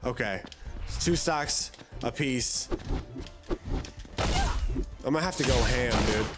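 A man giving live, excitable gameplay commentary, swearing and trash-talking his opponent. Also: mid-range voice, slow pace. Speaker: gamer. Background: loud game music.

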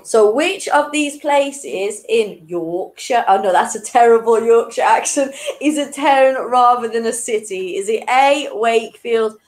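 A woman's voice: a little high, moderate pace, hardly any pauses, rough recording. Giggly young woman hosting a quiz. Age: 20s. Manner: giggly, chatty, self-deprecating. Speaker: quiz host.

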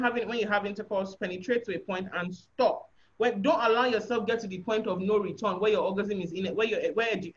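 A woman giving a frank, explanatory sexual health talk on a webinar, often checking that listeners understand. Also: medium pitch. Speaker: guest speaker on sexual health. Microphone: video call. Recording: dull lo-fi webinar audio.

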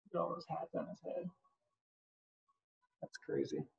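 A man's voice: a little high, steady tone, measured pace, creaky, a little mellow, muffled recording. A man reading a picture book aloud at story time, adding chatty asides and asking the kids questions, at home. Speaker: reader at children's story time.

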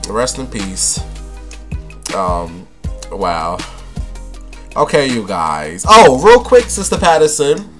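A man's voice: medium pitch, sing-song, slow pace, long pauses, a bit bright, faint music behind. A man hosting a casual celebrity gossip vlog, talking in a sassy, flamboyant, camp way and calling his viewers honey and baby. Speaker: vlogger.

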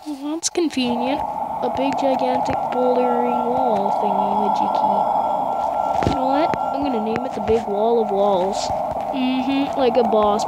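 A woman's voice: on the high side, fairly even intonation, measured pace, heavy background noise. A woman giving nervous, chatty commentary while playing a horror game, talking to herself and her viewers. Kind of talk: let's-play commentary. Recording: loud game ambience behind voice. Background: eerie game ambience and noises.

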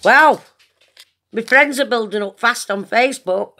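A woman's voice: a little high, measured pace, bright, forceful tone. A woman chatting casually to camera, giggling often, swearing freely and rambling from one thing to the next.

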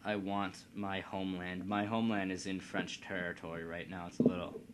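Speaking briskly in a somewhat low voice, a let's play host from Indiana, United States, talks loosely through a strategy game at his home computer, a steady hiss under the recording. His casual commentary rambles and is full of jokes at his own expense.

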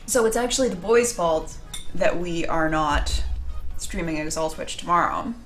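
A woman's voice: lowish voice, moderate pace, soft background music. Playful chatty woman streamer. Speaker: livestream co-host. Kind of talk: casual chat.

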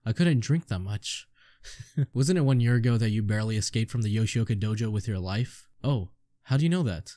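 A man reading aloud as a calm young male swordsman who answers in short, plain lines, with a mellow, dry voice. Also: lowish voice, fairly quick, no room sound, close to an everyday voice. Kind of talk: manga read-aloud.

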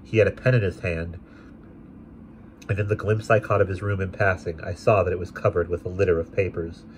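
A man narrating a classic novel aloud in a steady, expressive way. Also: sits low, a little fast, a little hiss or hum. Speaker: audiobook reader.

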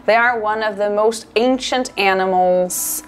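Excitable woman, unhurried game commentary, mid-pitched, self-correcting. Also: slight background noise. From Portugal or Brazil (Portuguese-speaking). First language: Portuguese. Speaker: gaming streamer and marine biologist. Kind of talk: casual gameplay commentary.

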